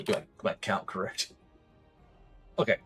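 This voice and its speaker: A man's voice: slow pace, fairly bright tone, faint music behind. A man running a tabletop game as game master, describing scenes in a rambling, profane way with many fillers.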